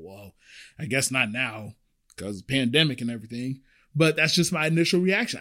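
A man's voice: mid-range voice, fairly quick. A young man hosting a podcast, telling a personal service-industry story and acting out the people in it. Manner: animated, acts out quoted voices. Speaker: podcast host.

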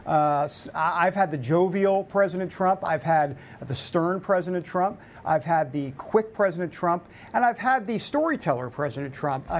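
A man's voice: high-pitched, a little hiss or hum. Chatty New man hosting a talk show. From New York. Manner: chatty storytelling with many fillers and restarts. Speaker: host. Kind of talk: casual talk show monologue.

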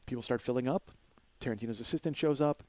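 A man hosting a podcast, telling a long story in a casual, animated way, swearing and acting out what people said. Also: mid-range voice, quick pace, no echo. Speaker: podcast host.

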